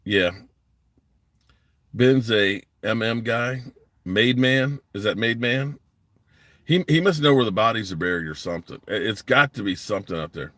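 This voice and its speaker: A low-voiced man hosts a casual sports live stream on his phone from a parked driveway. He rambles bluntly and sounds frustrated as he answers his chat. The sound is close and dry. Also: normal speed, fairly bright tone, no room sound. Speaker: sports podcast host.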